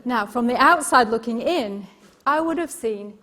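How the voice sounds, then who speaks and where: Expressive English woman giving a keynote. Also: on the high side, unhurried. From Yorkshire, England. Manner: expressive storytelling, emphatic repetition, engages audience. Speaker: keynote speaker and coach. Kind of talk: live motivational keynote.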